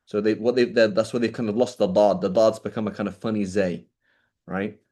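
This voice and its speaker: A man with a fairly low, warm voice lectures a class, speaking a little fast with a flat delivery. His style is casual and chatty, and he keeps checking in with students, asking questions and constantly saying "right?"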